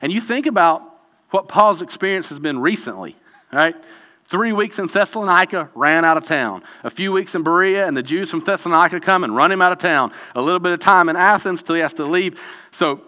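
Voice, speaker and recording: Bright-voiced man leading Bible study. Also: high-pitched, fairly quick. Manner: informal, asks the group questions. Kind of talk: conversational Bible teaching. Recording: dull lo-fi audio with long room reverb.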